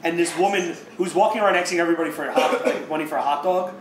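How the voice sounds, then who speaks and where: Lively laughing man in an echoey room. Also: fairly high pitch, very fast. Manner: animated storyteller, laughs often, swears freely. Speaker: podcast co-host. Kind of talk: casual storytelling chat. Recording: roomy, with noticeable background noise.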